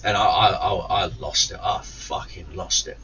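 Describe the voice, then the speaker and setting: Captured on a distant, muffled mic with a faint hiss, a gaming YouTuber speaks in a low, sharp-toned voice at a moderate pace. His storytelling rant is a long, angry tale packed with constant swearing, stumbles and restarts, plus raised voices for the people he quotes.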